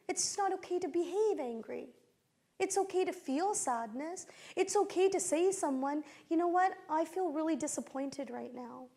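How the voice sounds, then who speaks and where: Middle-aged woman, keynote speaker, high-pitched, motivational, storytelling. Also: warm tone. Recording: speaking to a conference audience.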